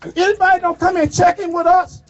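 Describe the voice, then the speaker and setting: A man with a very high, strained speaking voice gives a fiery rally speech outdoors, shouting and calling out to the crowd like a preacher. It is caught on a phone in the crowd, so the sound is muffled and dull. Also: little pitch movement, fast. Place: outdoor protest march. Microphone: phone recording from the crowd.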